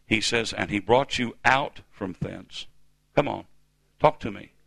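A man's voice: on the low side, measured pace, gravelly, fairly bright tone, no echo. A man in his fifties from the United States preaching a sermon in a church, with emphatic call-and-response delivery. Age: 50s.

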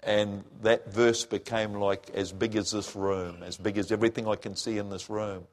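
A middle-aged man, a former missionary and preacher, giving a raw personal testimony in an emotional, halting way with many restarts. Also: lowish voice, level tone.

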